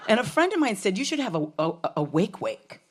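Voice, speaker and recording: A woman's voice: mid-range voice, very animated, brisk, a little hiss or hum. A middle-aged woman telling a frank, comic personal story on stage, swearing freely. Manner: frank, profane, comic, with laughs from a crowd.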